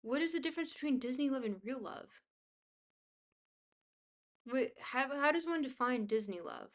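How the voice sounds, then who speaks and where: A woman's voice: sits high, lively intonation, moderate pace. A young woman livestreamer chatting casually with her viewers, bubbly, goofy and self-deprecating. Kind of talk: casual chat, reading viewer messages.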